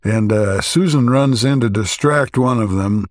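A man co-hosting a podcast, recapping a story's plot in a relaxed, halting way with frequent pauses. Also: mid-range voice, no room sound, studio quality. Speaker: podcast co-host.

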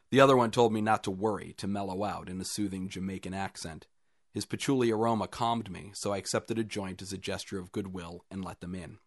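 A man reading a first-person short story aloud in a calm, even storytelling manner with dry understatement. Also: on the low side, no echo. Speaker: story reader.

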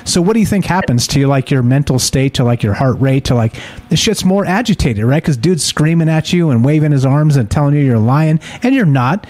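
A man's voice: a little high, animated, a little fast, a little mellow. A man telling a story in casual talk-show chat, rambling and profane, full of restarts and fillers. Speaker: podcast co-host.

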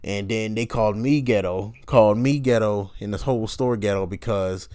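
A man's voice: fairly low pitch, normal speed, warm tone, clear, resonant tone, dry recording, clean studio sound. A man hosting a podcast, rambling casually and profanely about his job, griping with frequent laughs and mocking voices. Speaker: podcast host.

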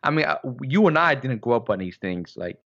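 A man chatting easily on a casual podcast, spinning relaxed stories about his home with playful jokey asides. His voice sits at a middling pitch, and the recording sounds a bit dull and lo-fi. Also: brisk. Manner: laid-back storytelling, jokey asides. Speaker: podcast co-host. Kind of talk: casual chat.

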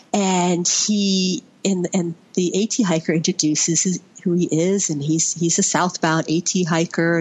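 A woman's voice: lowish voice, breathy edge. Rambling middle-aged woman telling stories. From Vermont, USA. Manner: rambling, fond, many fillers and restarts. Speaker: podcast guest. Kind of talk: conversational storytelling.

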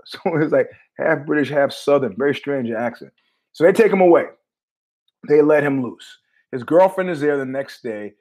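A man's voice: medium pitch, darkish tone. A man hosting his own show, telling a story in a blunt, profane, conversational way. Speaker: host. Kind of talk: casual storytelling monologue.

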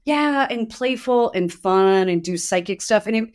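A woman's voice: medium pitch, measured pace. A woman hosting a podcast in casual chat, telling stories animatedly and acting out quotes. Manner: animated storyteller, acts out quotes. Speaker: podcast host.

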